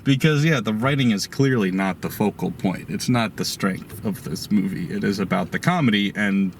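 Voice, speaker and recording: A young man chatting casually as co-host of a movie review talk, given to exasperated, animated rants. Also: fairly low pitch, moderate pace, slight background noise.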